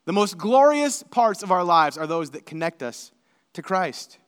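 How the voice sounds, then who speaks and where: A male preacher delivers an animated sermon in a fairly high voice, building his points into emphatic, shouted lists. The sound rings out with the long reverb of a large hall. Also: a little slow, clear, resonant tone. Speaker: pastor.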